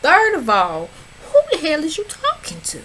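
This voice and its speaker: A woman's voice: high voice, wildly swooping pitch, normal speed, fairly bright tone, a little hiss or hum, low-quality recording. A woman recapping a reality show in casual, sassy commentary, talking back at the screen and chatting to her viewers. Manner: chatty, addresses viewers as y'all. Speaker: reality TV reviewer.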